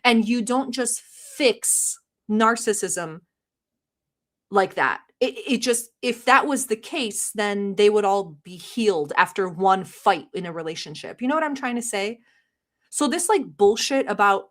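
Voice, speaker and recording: A woman's voice: medium pitch, animated, a little slow, a bit bright. A woman from the Middle East hosting a reaction channel, talking bluntly with sarcasm and swearing as she comments on clips. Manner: blunt, profane, sarcastic ranting.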